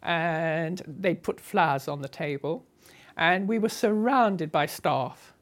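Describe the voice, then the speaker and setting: An older woman from the south of England tells her travel memories in a relaxed, chatty voice. Her pitch sits a little low, and light laughs keep breaking into her phrases. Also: slow pace. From England (Sussex). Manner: chatty, anecdotal, laughs often between phrases. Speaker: traveller recounting her journey. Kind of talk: conversational travel memoir.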